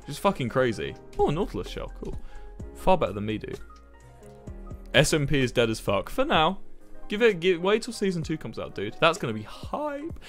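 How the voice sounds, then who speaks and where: A man's voice: on the high side, wildly swooping pitch, normal speed. Chill guy streaming from home, swears a lot, trails off and restarts, bit of music faint behind. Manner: laid-back, swears freely, rambling with restarts. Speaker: livestreamer. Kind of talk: casual chat with viewers while gaming.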